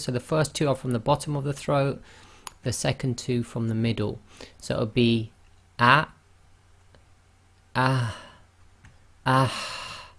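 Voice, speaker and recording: A man teaching Arabic letter sounds in an online lesson, explaining carefully and demonstrating throat sounds with drawn-out repetitions. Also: mid-range voice.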